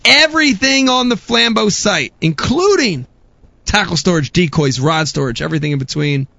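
A man's voice: high voice, expressive, normal speed, gravelly, pushed and bright, no echo, muffled recording. A man hosting a live fishing show, joking and laughing between sponsor reads. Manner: joking, laughs often, self-mocking.

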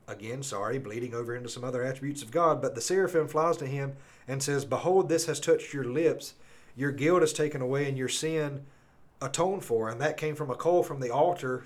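Earnest man teaching scripture. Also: mid-range voice. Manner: earnest, reads scripture slowly and emphatically, then rambles with restarts. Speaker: podcast co-host. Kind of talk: conversational Bible teaching.

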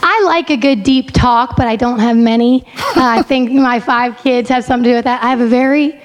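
Middle-aged woman, high voice, chatty and self-deprecating. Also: a little fast. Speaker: church member, mother of five. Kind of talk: casual sharing. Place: church hall.

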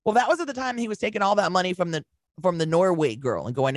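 A woman co-hosting a podcast, retelling a story with lively acted-out quotes and casual swearing. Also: on the low side, quick pace, no echo. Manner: animated storyteller acting out quotes, swears freely. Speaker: podcast co-host. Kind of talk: casual chat.

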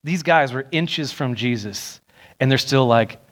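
A young man preaching a sermon in a church, animated and acting out the voices he quotes. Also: a little slow. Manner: animated, acts out quoted voices with rising pitch. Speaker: pastor. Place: church sanctuary.

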